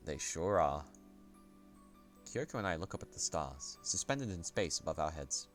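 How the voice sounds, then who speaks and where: A man streaming himself as he reads a visual novel aloud, narrating in the first person in a soft-spoken, unhurried way. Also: very deep voice, lively intonation, faint music behind.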